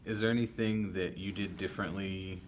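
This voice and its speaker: Deep-voiced casual male interviewer. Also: fairly even intonation, fairly quick, slight background noise. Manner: casual, rambling questions. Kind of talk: interview questions.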